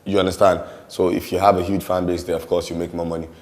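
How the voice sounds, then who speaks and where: Low-voiced Nigerian man in relaxed interview. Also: quick pace. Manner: relaxed, many "you know" fillers, mixes in Yoruba. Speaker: musician and actor interviewee. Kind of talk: casual interview.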